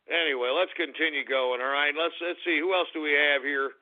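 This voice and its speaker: A man hosting a talk radio show who rants in a mocking, profane way as he reads out listener shout-outs. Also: fairly high pitch, steady tone, brisk. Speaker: radio host. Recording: tinny phone-line radio sound.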